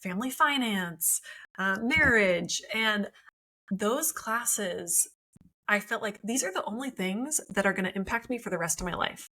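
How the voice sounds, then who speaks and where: A woman in her thirties speaks as a therapist guest on a podcast, her voice bright and forward. She explains her points in a friendly, easygoing way and laughs easily. Her pitch sits at an ordinary middle height. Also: animated, unhurried, poor audio. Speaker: marriage and family therapist guest. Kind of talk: podcast interview.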